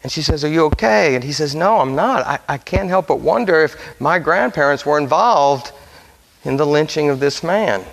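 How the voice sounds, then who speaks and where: Male preacher with a somewhat high voice, telling a story from the pulpit in a sermon, easing into quiet solemn phrases; long hall reverb. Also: animated, moderate pace, vocal fry. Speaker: pastor.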